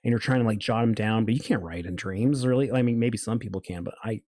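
A man's voice: lowish voice, fast talker, darkish tone, no echo, clean studio sound. A man telling a long story in a casual, rambling way, full of fillers and restarts. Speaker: guest.

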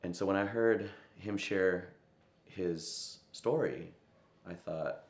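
A young man, a musician, telling a personal story in an interview, reflective and often quoting others in a soft voice. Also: deep voice, slow, roomy sound. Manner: reflective, quotes voices with soft asides and laughs.

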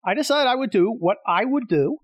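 This middle-aged host speaks in an extremely high voice with lively intonation and a brisk pace, with no room sound. Alone on his show, he launches into an exasperated, combative, profanity-filled rant.

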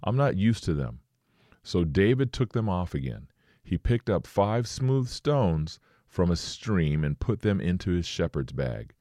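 A man preaching a sermon, reading scripture and slowing to stress his points. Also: low voice, expressive, mellow, no echo, studio quality.

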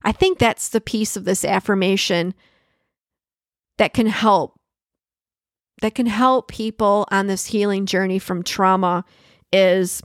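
A woman of middling pitch hosts a reflective solo podcast, speaking close to the mic in a dry, dead room. She talks conversationally, repeats key phrases for emphasis and laughs often. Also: steady tone, takes it slowly, pauses often, dry recording. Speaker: podcast host.

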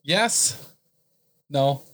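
A man's voice: fairly high pitch, lively intonation, extremely slow, fairly bright tone, a little hiss or hum. A man playing a tabletop game in casual chat, joking and teasing the others. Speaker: player.

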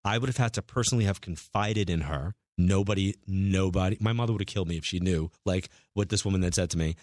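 A middle-aged man with a low voice tells long, winding stories in a relaxed studio conversation. He acts out the people he quotes. The sound is close and dry, with no room echo. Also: fast talker. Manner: animated storyteller, acts out quotes. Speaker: guest medium. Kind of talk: casual storytelling.

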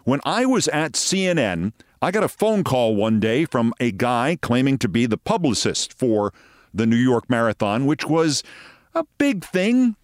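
A man's voice: medium pitch, very animated, a little slow, dry recording, studio quality. Wry older man telling stories. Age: 60s. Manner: wry, anecdotal, conversational. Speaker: host. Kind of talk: monologue storytelling.

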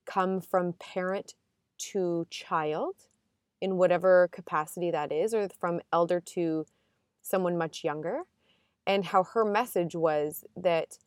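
A woman's voice: medium pitch, darkish tone, dry recording. Chatty woman podcaster, close dry sound. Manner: chatty and emotional, quick asides and restarts. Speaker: podcast host. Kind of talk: casual solo podcast storytelling.

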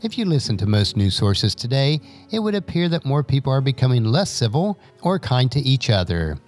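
Older man with a lively, preachy delivery. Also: mid-range voice, moderate pace, soft background music. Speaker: podcast host. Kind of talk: scripted advice podcast.

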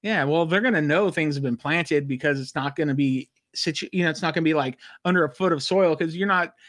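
A man's voice: on the high side, fairly quick, no room sound. Male co-host, casual recap chatter, rants easily, dry close sound. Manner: animated, rants with filler words. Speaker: podcast co-host. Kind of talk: casual chat recapping a TV episode.

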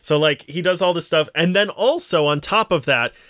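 A man co-hosting a casual podcast, his voice pitched a bit high for a man and recorded dry and close. He tells long, rambling stories in an animated way. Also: normal speed, dry recording. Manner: rambling, animated storyteller with frequent laughter. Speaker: podcast co-host. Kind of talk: casual chat.

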